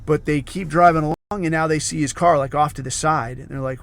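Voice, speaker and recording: Male podcast host, cussing rambler with a slightly raised pitch, loose casual monologue. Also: steady tone, fairly quick. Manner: profane, rambling storyteller, heavy on fillers.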